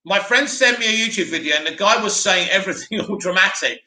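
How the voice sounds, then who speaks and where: A man hosting a live stream, chatting casually and answering viewer comments in an animated way. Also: high voice, fast, roomy sound. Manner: chatty, animated, mocks a dramatic voice.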